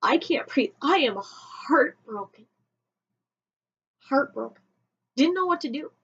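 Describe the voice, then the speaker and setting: A woman's voice: high-pitched, expressive, a bit bright. Emotional woman telling a story, lo-fi. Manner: emotional, halting with restarts. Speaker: vlogger. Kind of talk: personal storytelling. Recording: dull lo-fi home recording.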